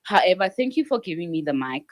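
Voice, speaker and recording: A woman's voice: fairly low pitch, sing-song, fast talker. A woman speaking up in a live audio chat room, frustrated and pleading, often repeating herself. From South Africa. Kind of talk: emotional spontaneous speech.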